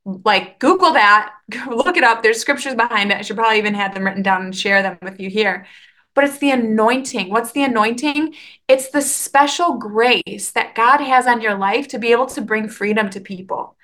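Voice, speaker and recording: A woman hosting a faith podcast, talking in an animated, earnest and chatty way with quick restarts. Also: on the high side. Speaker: podcast host. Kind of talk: casual faith podcast monologue.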